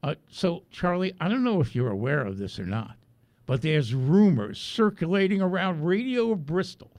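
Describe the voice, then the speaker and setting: A man's voice: fairly high pitch, big pitch swings, normal speed, darkish tone, no echo. A man co-hosting a comedic radio show, reading out listener questions with mock outrage and frequent laughter.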